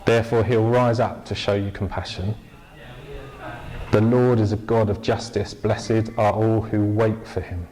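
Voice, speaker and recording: A man preaching a sermon in a relaxed, conversational way, telling stories with lively bursts and restarts. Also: lowish voice, measured pace, noisy background. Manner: conversational, animated storytelling with restarts. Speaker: pastor.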